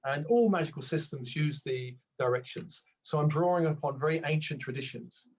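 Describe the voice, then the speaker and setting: A man's voice: fairly high pitch, normal speed, darkish tone, slightly rough, poor audio. An older man, a spiritual teacher guest, talking reflectively in a conversational interview and now and then acting out voices. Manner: reflective, rambling with restarts, acts out inner voices.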